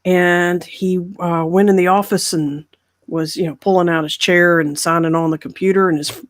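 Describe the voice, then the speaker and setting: A woman podcast host in casual storytelling, animated and acting out the voices of the people she describes. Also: fairly low pitch, normal speed.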